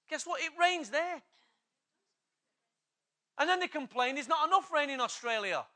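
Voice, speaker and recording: A male pastor, preaching an urgent, exhorting sermon that builds to loud, emphatic passages. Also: very high-pitched, expressive, moderate pace, pauses often.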